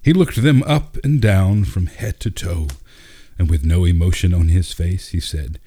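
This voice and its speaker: Brief: calm male narrator for a storybook, deep and mellow. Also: unhurried, breathy edge. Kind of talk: storybook reading.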